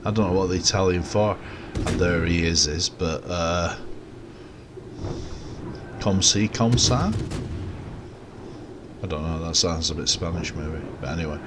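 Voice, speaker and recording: Low-voiced man rambling through gameplay. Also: fairly quick, few pauses, background noise. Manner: rambling, relaxed, self-mocking asides. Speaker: gameplay commentator. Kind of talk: casual gameplay commentary.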